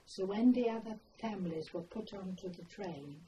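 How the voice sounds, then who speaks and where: An older woman telling her memories in an oral history interview, with an unhurried, meandering way of telling a story. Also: medium pitch, warm tone. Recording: distant mic, faint background noise.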